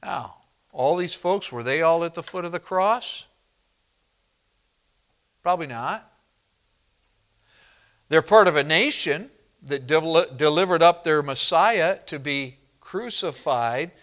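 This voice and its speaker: A man preaching an expository sermon to his congregation, emphatic and direct, reading scripture slowly and deliberately. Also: on the high side, lively intonation, fairly bright tone. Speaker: pastor.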